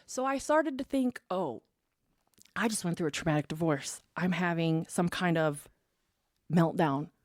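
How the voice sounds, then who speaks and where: A woman's voice: fairly low pitch, unhurried, dry recording, studio quality. A woman guest on a podcast, telling her own story in casual chat and acting out what others said. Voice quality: acts out quoted dialogue. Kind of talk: animated personal storytelling.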